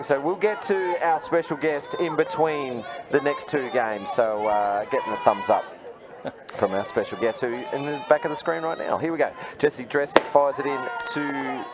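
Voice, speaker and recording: An Australian man giving relaxed, chatty play-by-play commentary on a softball game. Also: a little high, moderate pace, few pauses. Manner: chatty, relaxed, greets viewers. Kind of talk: live sports commentary. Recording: outdoor broadcast with crowd noise.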